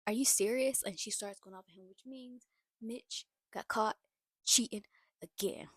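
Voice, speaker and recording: Animated, slangy woman recapping a movie. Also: mid-range voice, a little slow, husky, no room sound, studio quality. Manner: animated, slangy, laughs often. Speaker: movie reaction vlogger.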